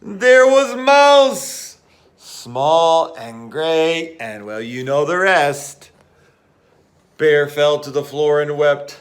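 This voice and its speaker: A man who teaches English reading a storybook aloud to children, slowly and expressively. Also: a little high. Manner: slow, expressive, animated.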